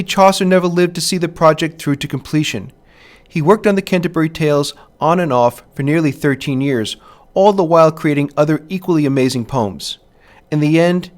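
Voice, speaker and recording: A man narrating a scripted literature lesson in a clear, measured way, sounding out stress patterns as he goes. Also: fairly high pitch. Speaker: teacher.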